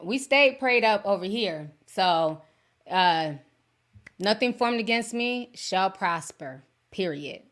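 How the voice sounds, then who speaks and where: Woman podcast host, first language yoruba, really bright voice, chatty and animated, laughs a lot reading super chats. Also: medium pitch, slow. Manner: chatty and animated, laughs often, slangy asides. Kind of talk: casual chat, reading viewer super chats.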